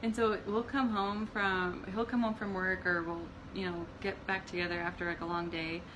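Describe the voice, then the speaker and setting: Woman, 30s, co-host, casual chat, animated, laughing, acts out quotes, noisy background. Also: fairly low pitch, normal speed. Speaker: co-host of a marriage channel.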